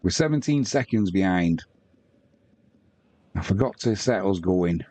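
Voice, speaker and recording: A man's voice: sits low, expressive, a little slow, a little mellow. Bantering man on a live stream. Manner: chatty and bantering, reads viewer comments aloud. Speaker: host of a live match watch-along. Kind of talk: casual live-stream commentary and chat reading. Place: at home.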